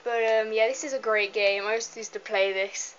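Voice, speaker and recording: A woman's voice: on the high side, fairly even intonation, fairly quick. A young woman chatting casually and rambling while playing a video game at home, filmed on a camera mic as she moves nearer and farther from it. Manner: chatty, giggly, rambling asides. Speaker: let's play gamer. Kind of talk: casual gameplay commentary. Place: home room, moving away from the camera at times. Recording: dull lo-fi camera audio with faint hiss.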